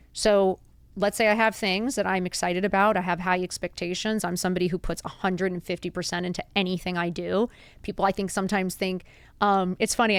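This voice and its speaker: A woman's voice: clear, resonant tone, no room sound. A woman in her fifties hosts a solo podcast, talking bluntly and confidingly in an ordinary mid-range voice. She is recorded close and dry, with no room sound around her. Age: 50s. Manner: blunt, confiding, animated with laughs and high put-on quotes. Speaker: podcast host. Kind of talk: candid solo podcast talk.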